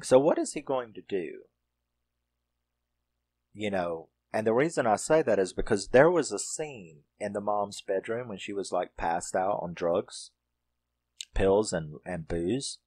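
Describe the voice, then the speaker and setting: Casual male film reviewer, fairly low voice, profane and rambling, dry close recording. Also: no room sound. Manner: rambling, profane, reenacts characters' lines. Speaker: horror movie reviewer.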